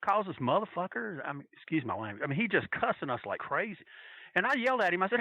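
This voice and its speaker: A man on a podcast telling a long, animated, profane story with plenty of restarts. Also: sits high, quick pace, no echo, lo-fi sound. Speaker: podcast guest telling a wrestling fan story. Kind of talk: casual storytelling.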